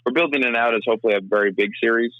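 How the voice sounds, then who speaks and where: A young man giving a casual interview, talking fast in a rambling way full of restarts. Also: mid-range voice, no echo, narrow, tinny audio. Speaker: filmmaker and actor, interview guest.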